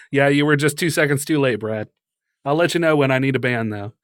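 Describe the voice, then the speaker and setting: A man's voice: medium pitch, normal speed, no room sound, studio quality. A man co-hosting a podcast and livestream, chatting casually, joking crudely and laughing often. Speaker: podcast co-host and streamer. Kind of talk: casual chat.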